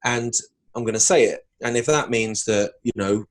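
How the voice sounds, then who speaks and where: A man's voice: mid-range voice, moderate pace. A man from the UK, a guest in a casual interview chat, speaking bluntly and plainly.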